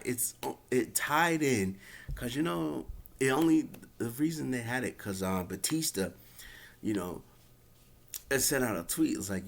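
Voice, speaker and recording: A man casually recapping and reviewing a wrestling show, rambling with many fillers. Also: mid-range voice. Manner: rambling, lots of fillers, acts out quotes.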